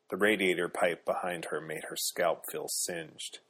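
A man narrating a novel in a measured, even storytelling manner. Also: deep voice. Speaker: audiobook narrator. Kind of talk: scripted narration.

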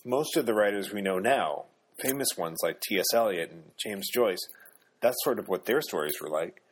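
A male audiobook narrator reading a novel in a measured, even way. His voice is very low and husky. He keeps a steady storytelling manner throughout. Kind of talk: scripted narration.

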